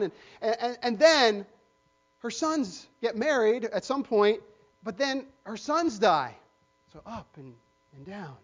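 A man's voice: sits high, highs cut off. A man preaching a sermon, telling a story loosely with many fillers and restarts.

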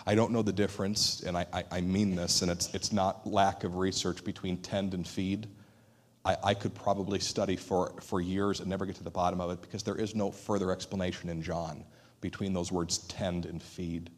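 A man preaching a sermon in an earnest manner, dropping to a hushed voice for emphasis and acting out quoted dialogue. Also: sits low, level tone, normal speed. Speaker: pastor.

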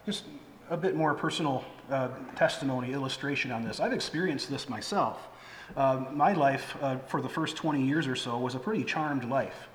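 A man's voice: mid-range voice, moderate pace, slight background noise. A middle-aged man, a pastor, preaching a sermon in a conversational way, with fillers and restarts. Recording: echoey hall with faint ambience.

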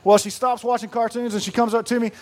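A man's voice: very high-pitched, flat delivery, quick pace, darkish tone. A man, a pastor preaching a sermon in a folksy, joking storytelling way. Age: 30s.

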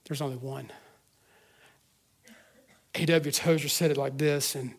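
A pastor preaching a sermon to his church, earnest, moving between hushed reflection and fervent emphasis with frequent restarts. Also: medium pitch, steady tone, unhurried, vocal fry. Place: church service.

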